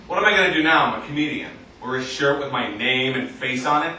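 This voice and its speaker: A man doing a deadpan stand-up comedy set in front of a live audience, acting out other voices. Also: medium pitch, fast talker. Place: comedy stage in an arts center, live audience. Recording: echoey venue recorded from a distance, noisy.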